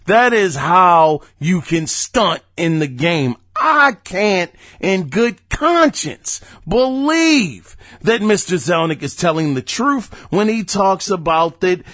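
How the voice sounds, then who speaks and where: A man hosts a gaming news podcast in a loose, chatty way, throwing in emphatic asides. His voice sits high and swings widely in pitch. The sound is dry and close. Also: animated, takes it slowly, hardly any pauses, a bit bright, no room sound. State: hiccuping. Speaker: podcast host. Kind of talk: casual gaming news commentary.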